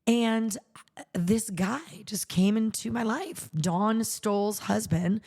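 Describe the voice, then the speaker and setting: A woman's voice: medium pitch, slow, darkish tone. A middle-aged woman, a charity founder and podcast host, tells a personal story in conversation, acting out the quoted dialogue with animation.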